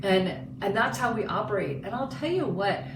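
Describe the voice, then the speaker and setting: A woman's voice: mid-range voice, moderate pace. A woman in her forties, co-hosting a podcast, telling a candid personal story and acting out the voices in it. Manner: expressive, acts out quoted dialogue. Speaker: podcast co-host. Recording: roomy, distant mic with background noise.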